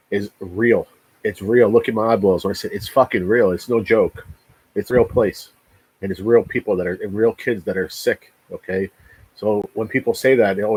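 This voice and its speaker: Profane, ranting husky man in his forties. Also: lowish voice, no room sound, low-quality recording. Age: 40s. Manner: repeats words. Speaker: livestream host. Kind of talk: casual livestream chat.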